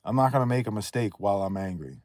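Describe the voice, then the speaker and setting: A man talking casually on a livestream, blunt and profane, rambling and quick to raise his voice. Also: lowish voice, lively intonation, darkish tone, no echo, clean studio sound. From Northeast United States.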